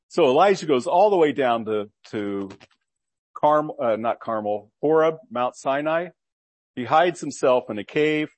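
A male preacher delivers a sermon at a medium pitch, reading scripture aloud and then unpacking it for his listeners. He teaches earnestly and keeps asking rhetorical questions. The sound is dry and close, with no room echo. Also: animated, a little slow.

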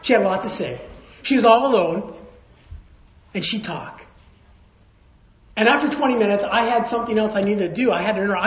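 A man pastor giving a sermon, telling stories in a conversational way, dropping to hushed tones and then rising again. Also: sits high, lively intonation, brisk, pauses often. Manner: storytelling, conversational, swings from hushed to raised. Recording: roomy, slightly dull sound.

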